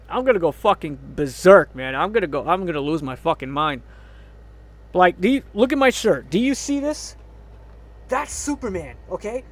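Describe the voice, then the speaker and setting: A movie reviewer with a high voice and big pitch swings rants angrily about a film at normal speed. He swears heavily, groans in exasperation, and laughs in disbelief.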